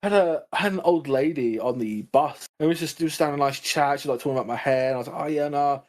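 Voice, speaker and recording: Podcast host: man, fast and loose, swears freely. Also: mid-range voice. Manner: rapid, swearing, laughs often. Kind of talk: casual podcast chat.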